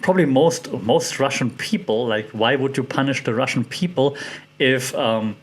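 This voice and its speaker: A man's voice: medium pitch, moderate pace. Hesitant man hosting a solo podcast. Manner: thinking aloud, hesitant, many restarts and fillers; curious, puts questions to listeners. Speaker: podcast host. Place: lives in Thailand.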